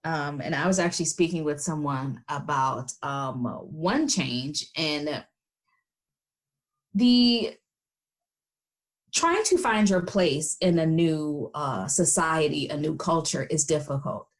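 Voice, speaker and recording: A woman's voice: low-pitched, lively intonation, slow pace. An American woman in an interview, telling stories in a chatty way with many fillers and playful quoted voices. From United States. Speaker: guest. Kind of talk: casual interview chat.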